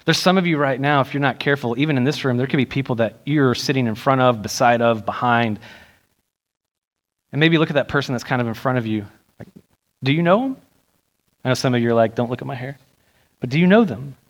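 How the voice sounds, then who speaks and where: A young man preaching a sermon in a church, animated and acting out the voices he quotes. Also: a little fast, long pauses. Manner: animated, acts out quoted voices with rising pitch. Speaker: pastor. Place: church sanctuary.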